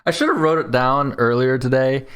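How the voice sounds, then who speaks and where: A man's voice: medium pitch, moderate pace, a bit bright, smooth. Young male podcast co-host, jokey, stammering, self-mocking. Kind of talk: casual chat.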